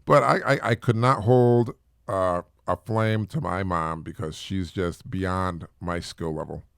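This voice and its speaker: A man's voice: sits low, measured pace, creaky, clear, resonant tone, no room sound, studio quality. A middle-aged man hosting a casual solo talk podcast, rambling and repeating himself as he chats. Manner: rambling, repeats words, lively and chatty. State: sneezing from allergies. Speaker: podcast host.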